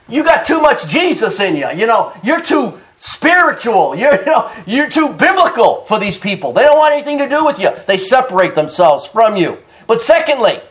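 High-voiced, lively male pastor preaching. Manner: animated preaching with chuckles and call-and-response. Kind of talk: sermon. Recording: roomy church echo.

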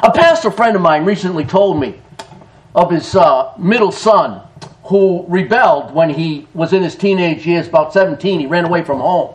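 A man preaching a sermon in an animated way, often laughing and calling his listeners folks. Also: high-pitched, moderate pace. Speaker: pastor.

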